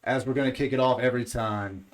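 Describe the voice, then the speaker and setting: A man's voice: mid-range voice, steady tone, fast talker. A man hosting a podcast in a studio, opening the show in a loose, joking way with casual swearing. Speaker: podcast host.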